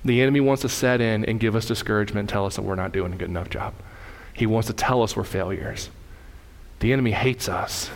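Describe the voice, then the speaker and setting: Preaching man in a reverberant church hall. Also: fast. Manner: animated storytelling, rising loud and high in anecdotes. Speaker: pastor. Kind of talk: sermon. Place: church sanctuary.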